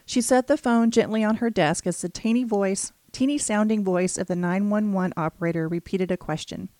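A woman narrating an audiobook thriller in a steady, measured reading. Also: medium pitch, dry recording.

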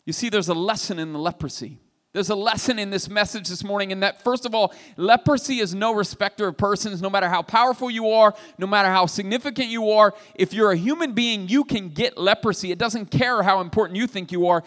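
A man with a high voice preaches a sermon, telling the story with animated energy and rising to loud, emphatic points. His voice rings with long reverb through a large hall. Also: fairly quick. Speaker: pastor.

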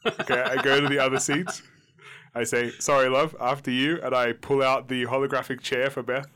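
A man's voice: mid-range voice, little pitch movement, fairly quick, bright, forceful tone. A man with an Australian accent playing a tabletop game, talking in a rambling, jokey way full of fillers. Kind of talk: casual in-character play.

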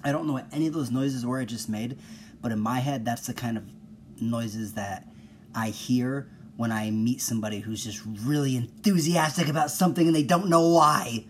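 A man hosting a casual solo podcast, rambling and self-mocking, low-key with bursts of exasperated ranting. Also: normal speed, slight background noise.

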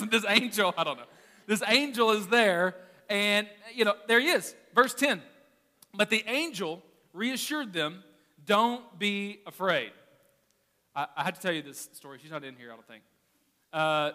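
A pastor preaches in a casual, animated style, telling stories to his congregation. His voice sits high and rings bright. The sound carries the long echo of a large sanctuary. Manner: animated, conversational preaching with storytelling. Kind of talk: sermon. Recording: reverberant hall.

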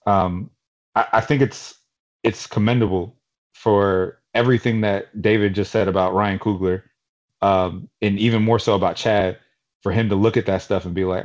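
A man from Queens, New York, co-hosting a podcast in casual chat, telling stories in an animated, rambling way with lots of fillers. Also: on the low side, normal speed. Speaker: podcast co-host.

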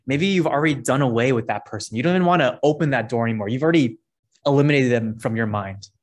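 A man's voice: medium pitch, quick pace. A man preaching a sermon, earnest and conversational, reading scripture verses aloud between his points. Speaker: pastor.

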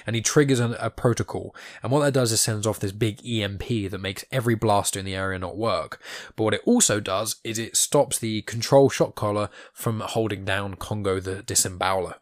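A man with a rather low voice hosts a podcast and retells a story in a loose, chatty way. He keeps leaning on fillers and trails on from one event to the next. The sound is dry and close. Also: a little fast, dry recording. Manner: rambling retelling with fillers like "and things" and "basically". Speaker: podcast host. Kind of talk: casual comic recap.

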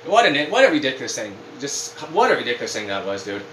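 A man's voice: mid-range voice, fast talker, distant mic, slight background noise. A man co-hosting a casual podcast, rambling and swearing as he rants. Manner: rambling, profane, animated ranting. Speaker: podcast co-host. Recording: roomy echo with faint ambience.

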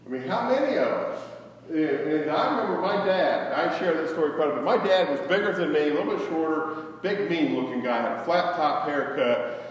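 A man's voice: a little high, lively intonation, brisk, distant mic, a little hiss or hum. Folksy male preacher in an echoey hall. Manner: folksy storytelling, jokes with congregation. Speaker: pastor. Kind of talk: sermon. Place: church sanctuary.

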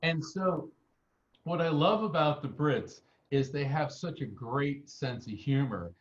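A fairly high-pitched American man, speaking a little slowly, shares stories as a guest medium during an interview. He's an animated storyteller who acts out the quotes. The recording is muffled.

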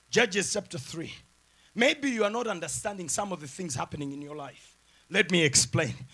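A pastor preaching a sermon with emphatic repeated phrases, swinging from loud shouted lines down to quiet asides. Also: male voice, high voice, very animated, normal speed.

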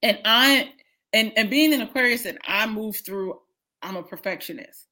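A woman in her thirties chatting casually over a video call, blunt, profane and animated, often laughing. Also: mid-range voice, moderate pace. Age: 30s. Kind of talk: casual chat.

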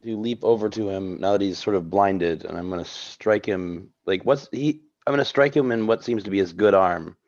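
A man playing a tabletop game, describing his attack in a measured, hesitant way. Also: fairly low pitch, darkish tone, no echo, dull audio. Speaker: player.

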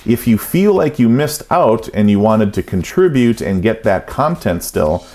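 Brief: middle-aged male podcaster, low voice, loose rambling chat full of fillers. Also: very animated, a little slow, warm tone. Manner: rambling, frequent ums and uhs. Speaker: podcast host. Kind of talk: casual podcast monologue.

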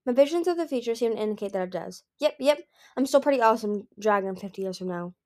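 A woman voicing a smug, scheming ancient male dragon in a storybook reading, smooth and self-assured. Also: a little high, lively intonation, fast, a little mellow, lightly acted.

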